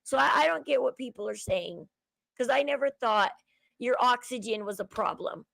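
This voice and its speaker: A woman with a Southern accent chats to her livestream viewers in a loose valley-girl manner. Her voice sits a little high with a gravelly fry at the ends of phrases. The sound is dry and close. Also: expressive, normal speed, fairly bright tone, no room sound, poor audio. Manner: chatty, sensitive, valley-girl talk. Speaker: livestream host. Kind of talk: casual livestream chat.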